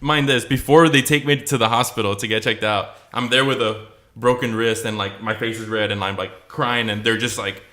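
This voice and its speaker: Low-voiced man telling a rambling story. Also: steady tone, normal speed, few pauses, bright, forceful tone. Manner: rambling storytelling with frequent laughter and filler words. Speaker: podcast co-host. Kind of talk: casual chat.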